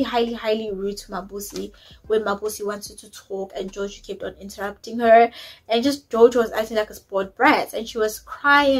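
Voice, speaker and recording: A woman's voice: fairly high pitch, rough recording. A woman, chatting opinionatedly as she recaps a reality show episode, dropping in isiZulu words. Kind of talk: casual recap chat.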